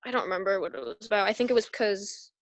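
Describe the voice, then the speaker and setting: A woman's voice: mid-range voice, fast, low-quality recording. A young woman on a video call, talking hesitantly with many fillers. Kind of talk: casual chat.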